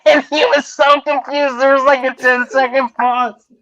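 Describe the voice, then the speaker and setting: A man hosting a panel show, telling an animated story in casual chat and cursing along the way. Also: extremely high pitch, moderate pace, highs cut off. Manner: animated storyteller, cursing, laughing through stories. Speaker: show host.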